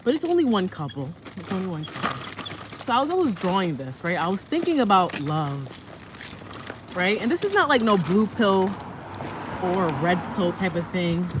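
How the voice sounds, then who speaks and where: A woman's voice: lowish voice, very animated, normal speed. A woman walking outdoors with a stroller, chatting casually and rambling about her art, often laughing. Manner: rambling, laughing, talks to her baby in a sing-song voice. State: pushing a stroller while walking. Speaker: vlogger and artist. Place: outdoors on a walk. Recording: noisy outdoor phone recording.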